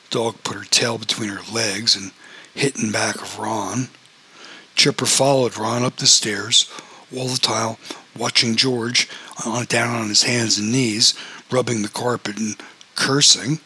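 A man reading an audiobook in a steady, even storytelling voice. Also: medium pitch, measured pace, husky. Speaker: audiobook narrator.

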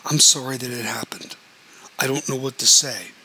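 A man reading as a guilt-ridden young woman, her voice shaky and pleading, apologizing over and over. The tone is bright and clear, with a faint hiss under it. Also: mid-range voice, normal speed, rough recording. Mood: shaken. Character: guilty, shaken young woman caught in an affair.

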